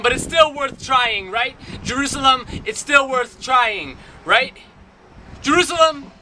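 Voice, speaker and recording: A man's voice: extremely high pitch, pushed and bright, a little hiss or hum, rough recording. A man performing spoken word poetry in a wry, rhythmic way, repeating a refrain, recorded outdoors in a city. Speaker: poet.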